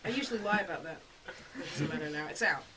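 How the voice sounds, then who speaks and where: A woman's voice: lowish voice, lively intonation, quick pace. A woman in her thirties performing stand-up comedy on a small club stage, chatty and self-mocking, with lots of ums. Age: 30s. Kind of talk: live stand-up comedy set. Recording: noisy live club with loud crowd.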